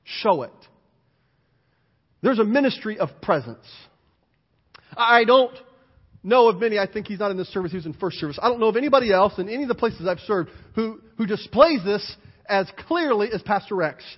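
A man preaching a sermon as pastor, animated and emphatic, driving points home with repeated lists. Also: sits high, normal speed, pauses often. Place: church sanctuary. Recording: dull, hall-reverberant church recording.

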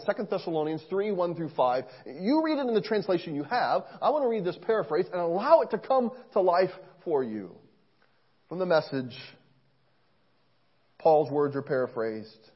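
A man preaching a sermon in an earnest, storytelling way, swinging between soft asides and loud emphasis. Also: high-pitched, expressive, moderate pace, husky, lo-fi sound. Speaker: pastor.

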